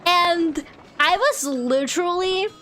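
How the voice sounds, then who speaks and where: A woman streamer chatting casually while gaming, telling stories in an animated way and swearing freely. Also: very high voice, slow pace. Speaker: VTuber streamer.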